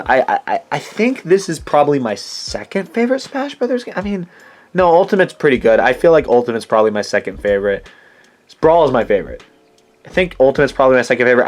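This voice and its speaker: A young man hosting his own channel, chatting casually and rambling through his game collection, often correcting himself mid-sentence. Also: mid-range voice. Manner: rambling, chatty, self-correcting with many fillers. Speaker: channel host.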